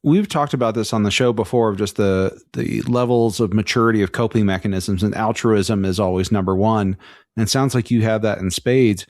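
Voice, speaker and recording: A man hosting a podcast talks in a fairly low voice. His tone is relaxed and reflective in a casual chat. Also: a little fast. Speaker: podcast host.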